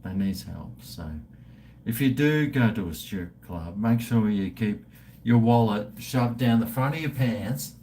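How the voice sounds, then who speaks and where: A man's voice: on the low side, expressive, unhurried, mellow. An Australian man in his fifties hosting a casual live stream, joking crudely, swearing and toasting viewers over drinks. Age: 50s. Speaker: livestream host.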